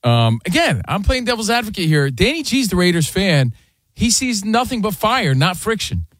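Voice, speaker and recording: A man co-hosting a sports talk show, arguing and joking in casual, animated banter from a studio. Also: sits high, moderate pace, dry recording. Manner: animated, argumentative, jokey. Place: radio studio.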